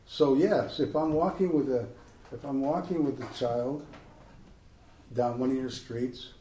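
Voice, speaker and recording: A man, an author, giving an animated, jokey talk and Q&A to a live audience, slipping into impressions. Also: medium pitch, measured pace, slight background noise. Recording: roomy hall, voice from a distance.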